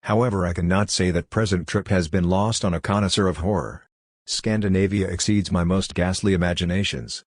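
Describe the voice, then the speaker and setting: A man giving an audiobook reading of letters in a steady, even tone. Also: low voice, a little fast, no echo, clean studio sound. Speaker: reader.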